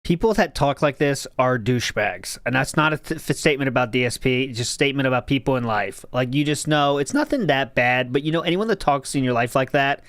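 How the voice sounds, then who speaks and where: A man's voice: mid-range voice, animated, a little fast, hardly any pauses, fairly bright tone, no echo, studio quality. A man giving sarcastic, teasing reaction commentary, mocking the other speaker.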